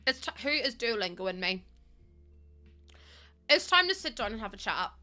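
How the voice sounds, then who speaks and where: A woman's voice: fairly high pitch, expressive, normal speed, long pauses, bright, forceful tone, faint music behind. A tired young woman, chatting casually with her viewers during a live game stream, giggly and rambling. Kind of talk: casual live-stream chat while playing.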